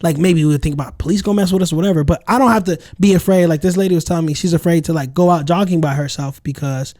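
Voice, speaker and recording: Slangy storytelling man, higher voice. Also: racing, no room sound, clean studio sound. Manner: storytelling, animated, slangy, lots of "like" and "you know". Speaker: podcast co-host. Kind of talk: casual podcast chat.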